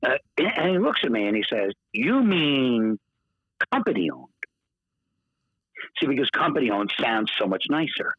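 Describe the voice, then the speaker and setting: Animated husky-voiced man telling a story. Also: medium pitch, quick pace, hardly any pauses, no echo. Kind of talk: casual storytelling chat. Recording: dull, dry podcast audio.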